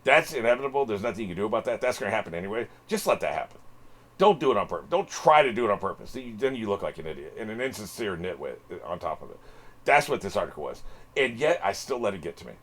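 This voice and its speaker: Animated man rambling on a podcast. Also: fairly low pitch, quick pace. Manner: rambling, animated, swearing freely. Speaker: podcast host. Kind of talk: casual solo podcast talk.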